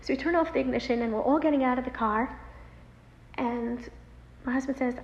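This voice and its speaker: A woman in her thirties telling a personal story, animated, with many fillers. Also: high voice, brisk. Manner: animated, many fillers, acts out quoted voices. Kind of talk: personal story told aloud. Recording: roomy hall with long reverb, dull lo-fi sound, faint noise.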